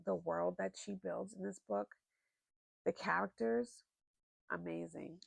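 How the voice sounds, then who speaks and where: Gravelly, unhurried woman chatting about books. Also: on the low side, no room sound. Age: adult, married. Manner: chatty, expressive, lots of fillers. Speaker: book vlogger. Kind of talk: casual book recommendations.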